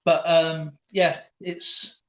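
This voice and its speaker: A man's voice: a little high, little pitch movement, extremely slow, a bit bright, low-quality recording. A man hosting a casual live stream chat, rambling and hesitant with many fillers, on a video call from home.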